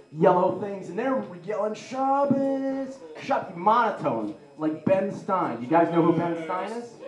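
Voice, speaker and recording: Male stand-up comic, rambling excitable delivery, bright high voice, roomy live recording. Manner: rambling, excitable, heavy use of "like". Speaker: stand-up comedian. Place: live comedy venue with an audience. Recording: roomy echoey live room.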